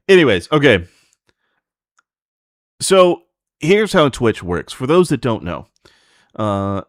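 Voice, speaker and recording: A man's voice: fairly low pitch, dry recording, clean studio sound. A man hosting a livestream, talking casually in a blunt, profane, ranting way to his chat. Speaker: streamer host.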